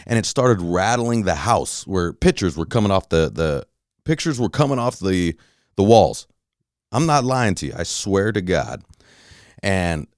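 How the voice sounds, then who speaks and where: A man hosting a podcast, telling a story in a casual, animated monologue, swearing and acting out his own reactions. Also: lowish voice, no room sound, studio quality. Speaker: podcast host.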